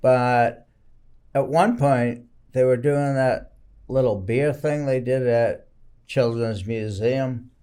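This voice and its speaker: An older man, a guest attorney, in casual chat, telling rambling stories at an unhurried pace. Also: mid-range voice, fairly even intonation, dark tone, clear, resonant tone.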